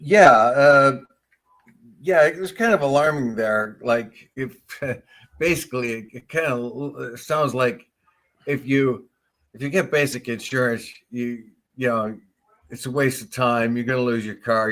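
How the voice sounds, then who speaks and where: A man's voice: mid-range voice, a little slow, a bit bright. A man co-hosting a casual morning talk show, joking around and repeating words as he talks.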